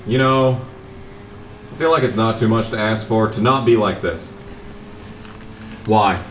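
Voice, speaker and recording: A man's voice: fairly low pitch, unhurried, pauses often, reverberant, far from the mic. A young man commentating on a racing game as he plays, rambling casually and cursing at the game in frustration. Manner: grumbling, profane, laid-back rambling. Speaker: gameplay commentator.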